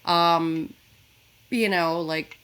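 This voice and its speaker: A woman co-hosting a podcast, talking in a casual, animated, rambling way with plenty of swearing. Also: on the low side, drawn-out words, clear, resonant tone. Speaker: podcast co-host. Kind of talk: casual chat.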